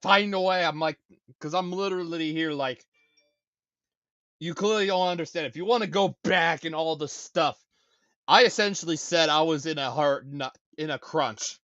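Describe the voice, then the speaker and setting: A man's voice: a little high, moderate pace, fairly bright tone, no room sound, lo-fi sound. A man hosting a casual live-stream talk show, ranting and stammering as he repeats himself over and over. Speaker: show host.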